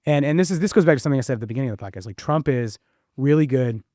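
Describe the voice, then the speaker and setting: A man in his thirties, a podcast guest talking fast and animatedly, with plenty of fillers and the odd swear. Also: medium pitch, lively intonation, warm tone, no room sound, clean studio sound. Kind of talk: casual conversation.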